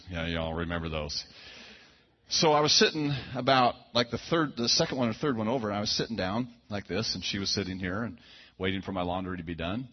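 Folksy preacher, low husky voice. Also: male voice. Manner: folksy, conversational, frequent restarts and asides. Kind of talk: storytelling sermon. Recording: dull lo-fi sound.

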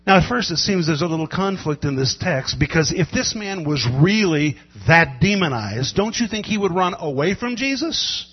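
A man preaching a sermon, building to loud emphatic cries and drawing out words for weight. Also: high voice, expressive, normal speed, few pauses, husky. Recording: lo-fi echoing hall with mains hum.

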